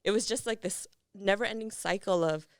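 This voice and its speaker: A woman at mid pitch tells her story in a relaxed, chatty way, acting out what other people said. The sound is dry and close, with no room around her voice. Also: a little fast, clean tone, no room sound. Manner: animated retelling with acted quotes and laughs. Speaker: podcast guest. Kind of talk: casual interview storytelling.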